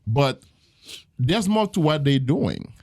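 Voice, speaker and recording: A man's voice: medium pitch, sing-song, takes it slowly, gravelly, darkish tone, no room sound, studio quality. A man, a jiu-jitsu gym owner and podcast guest, talking in a casual interview in an earnest, reflective way, with frequent fillers as he tells stories.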